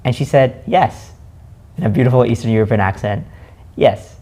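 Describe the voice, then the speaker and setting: Guy with a gravelly voice thinking out loud, slow and reflective, asks himself stuff. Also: medium pitch, steady tone. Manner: slow, musing, questions himself aloud. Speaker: host. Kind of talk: reflective spoken monologue.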